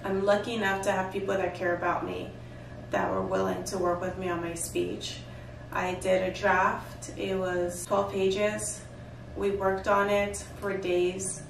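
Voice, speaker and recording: An animated woman telling a chatty story to camera, her voice gravelly with a touch of fry. She sounds far from the mic in a very echoey room, with clear background noise behind her. She goes off on lively asides as she talks. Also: medium pitch, measured pace. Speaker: vlogger and fashion designer.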